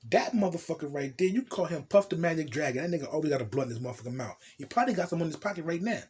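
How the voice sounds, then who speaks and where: A young man from New Jersey with a husky, somewhat high voice tells a story in loose street slang. He swears freely and keeps it animated, slipping into what each person said. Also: rapid-fire. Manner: profane, animated, street slang, acts out quotes. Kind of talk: casual storytime monologue.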